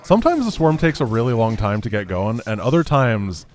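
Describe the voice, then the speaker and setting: A man's voice: lowish voice, big pitch swings, a little fast, darkish tone, faint music behind. A man streaming a strategy game, talking through his plans and breaking into frustrated outbursts when things go wrong. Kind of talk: live gameplay commentary.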